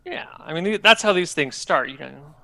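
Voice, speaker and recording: A man's voice: on the high side, animated, normal speed, gravelly, sharp tone. A man narrating as game master in a tabletop role-playing game, with a casual, drawling manner.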